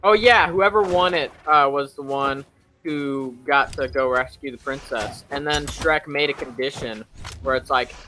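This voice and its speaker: A man's voice: mid-range voice, a little slow, sharp tone, a little hiss or hum. Rambling young-sounding man retelling a movie. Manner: rambling, many "like"s and restarts.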